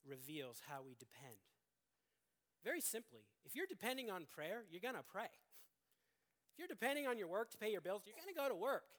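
A middle-aged male pastor preaching a sermon in an earnest manner, often restarting phrases and swinging from loud emphasis to quiet, low stretches.

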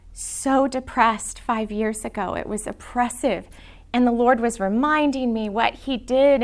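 Teaching a prayer class at church, a middle-aged woman speaks with earnest emotion in a slightly high voice, softening into whispers when she recites prayers.

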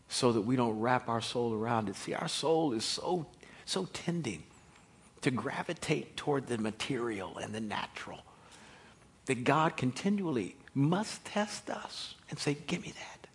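A man preaching a sermon, swinging from loud exhortation to hushed near-whispers and repeating words as he builds a point. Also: mid-range voice, expressive, measured pace. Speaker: pastor.

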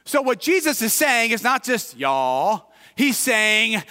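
A high, bright male pastor with a Midwestern American accent delivers a sermon in a church, his voice ringing through a long reverberant hall. He drops to near-whispers at the ends of phrases and rises to shouted emphasis. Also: very animated, normal speed. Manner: builds from quiet reflection to shouted emphasis. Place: church sanctuary. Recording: reverberant hall, distant at times.

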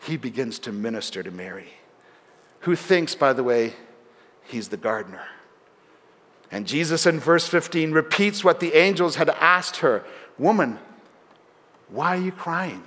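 A man delivers an earnest sermon in a church sanctuary, his fairly high voice trailing off into long reverb. He tells the story warmly and drops softer on key words for emphasis. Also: lively intonation, moderate pace, pauses often. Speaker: pastor.

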